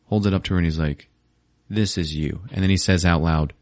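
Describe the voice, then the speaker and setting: A male podcast host giving a casual movie recap, full of crude jokes and his own laughter. His voice sits low and sounds close and dry. He keeps acting out the scenes as he goes. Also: fairly even intonation, fast talker, no echo.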